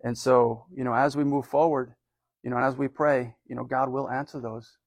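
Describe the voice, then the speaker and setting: A man's voice: medium pitch, little pitch movement, moderate pace, vocal fry, no echo. Conversational man preaching a sermon. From United States. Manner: conversational, rambling with many fillers and restarts. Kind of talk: informal sermon.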